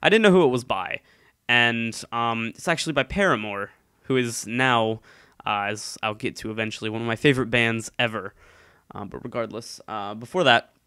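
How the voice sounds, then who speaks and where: A man's voice: mid-range voice, fairly bright tone, clear, resonant tone, no echo, studio quality. A man chatting casually on his channel, rambling with lots of ums and restarts, a little congested. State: slightly congested. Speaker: YouTube commentator. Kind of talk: casual solo chat. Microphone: headphones, desk mic.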